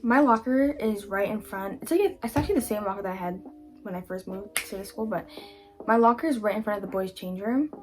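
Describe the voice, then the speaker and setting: A woman's voice: medium pitch, fast, faint music behind. A young woman vlogger telling a candid, chatty storytime, with lots of "like" and quoted asides. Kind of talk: casual storytime.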